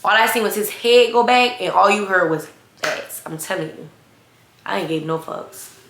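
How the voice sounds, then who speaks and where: A young woman vlogger telling a story in casual chat, blunt, sassy and animated, often laughing. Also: medium pitch, normal speed, slight background noise. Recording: roomy echo.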